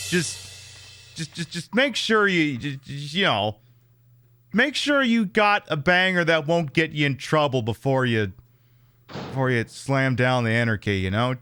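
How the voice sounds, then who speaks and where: A man's voice: medium pitch, animated, unhurried, bright, forceful tone, clean tone, faint music behind. A man casually chatting through a livestream of a horror game, rambling and reacting to chat with lots of fillers and repeated words. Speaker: streamer playing a horror game.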